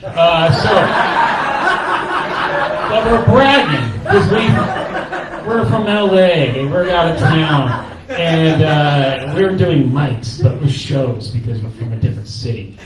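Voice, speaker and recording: Man giving a halting, tearful tribute. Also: a little high, far from the mic, a loud crowd. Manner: halting, stammering, close to tears. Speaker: comedian. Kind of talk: emotional memorial tribute. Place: crowded cafe. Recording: echoey room, taped from afar.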